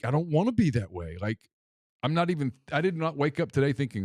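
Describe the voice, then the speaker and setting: A man's voice: fairly high pitch, very animated, fast talker, a little mellow, no echo, studio quality. A man co-hosting a casual sports talk show, wry and self-deprecating, often stumbling and repeating words. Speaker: podcast co-host.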